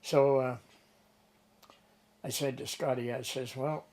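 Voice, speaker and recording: A man's voice: mid-range voice, little pitch movement, slow, darkish tone. An older man rambling through casual stories as an interview guest, folksy and swearing offhand. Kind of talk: casual storytelling.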